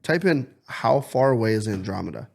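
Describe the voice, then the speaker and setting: A man co-hosting a podcast, telling stories in excitable casual chat and swearing often. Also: on the low side, normal speed, creaky. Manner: excitable storyteller, swears a lot. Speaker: podcast co-host.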